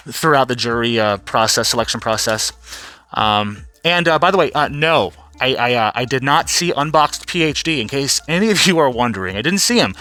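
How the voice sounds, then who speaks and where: A man's voice: medium pitch, bright, forceful tone. A man recapping events in a casual, profane, rambling vlog rant, laughing often and mimicking people. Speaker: vlogger.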